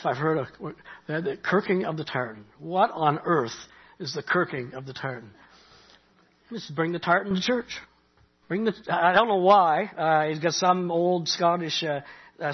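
A middle-aged Canadian pastor preaching in a loose, conversational way, his voice high and husky. He builds to animated peaks and drops back to quiet asides. The recording sounds dull and lo-fi. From Nova Scotia, Canada. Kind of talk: sermon.

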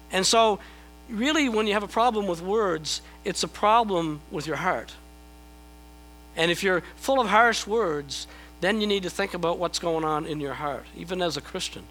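In a rough recording with a bit of hiss or hum, a middle-aged male pastor gives a sermon in a chatty, self-deprecating manner, frequently repeating words when starting a thought. His voice sits high with a fairly bright tone.

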